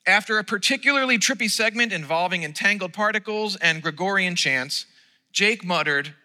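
Bright-voiced pastor in a reverberant hall. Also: male voice, high voice, normal speed. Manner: playful storytelling, then earnest preaching. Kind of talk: sermon with a comic story. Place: church sanctuary. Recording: long reverb in a church hall.

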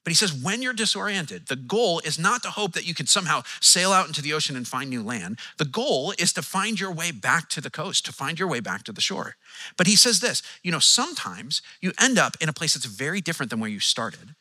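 A man preaching a sermon as pastor, animated and acting out the quotes he tells with changing tones. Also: fairly high pitch, fairly quick, husky. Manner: animated, acts out quotes with shifting tone.

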